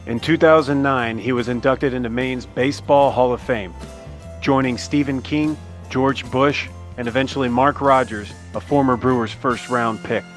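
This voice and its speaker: A man narrating a scripted tribute in a measured, respectful way. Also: mid-range voice, fairly even intonation, faint music behind.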